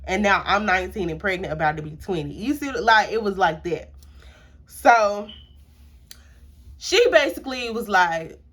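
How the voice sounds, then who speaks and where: A woman's voice: medium pitch, normal speed, pauses often. Young woman, casual storytime vlogger, chatty and filler-heavy, acts out the quotes. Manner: casual and animated, with frequent fillers and acted-out quotes. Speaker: YouTuber. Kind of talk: storytime vlog.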